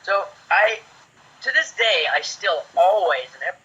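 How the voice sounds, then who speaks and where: Chatty guy in his 40s telling stories, really bright slightly high voice, kinda dull lo-fi audio. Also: normal speed, slightly rough. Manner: lively, chatty, acts out quotes. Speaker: actor guest. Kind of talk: casual anecdote storytelling. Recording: dull lo-fi sound.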